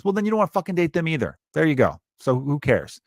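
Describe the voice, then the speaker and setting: A man's voice: fairly high pitch, fast, dry recording, studio quality. A man hosting a podcast, telling rambling stories in a casual comedic monologue with plenty of swearing. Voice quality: rambling, profane, animated storytelling. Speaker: podcast host.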